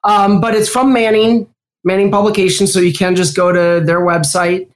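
A woman with a Midwestern American accent, chatting casually as an interview guest, quick and rambling with fillers. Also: mid-range voice, level tone. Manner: chatty, talks in bursts with fillers. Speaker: guest, security executive.

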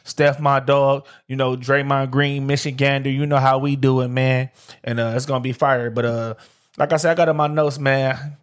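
A man's voice: mid-range voice, little pitch movement, moderate pace. A man from Detroit hosting a solo sports podcast, talking in a loose, slangy way and often repeating "like I said" and "man". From Detroit, USA. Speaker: podcast host. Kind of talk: casual solo sports talk. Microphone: streamed live on camera.

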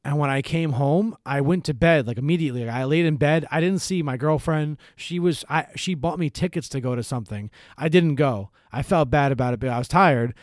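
A young man in casual chat, telling animated, rambling stories full of swearing. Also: on the high side, a little fast, hardly any pauses, no echo, studio quality.

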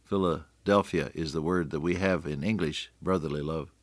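Male radio preacher, deep voice, earnest sermon delivery, repeats key lines. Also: normal speed, no echo. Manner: earnest, repeats phrases for emphasis.

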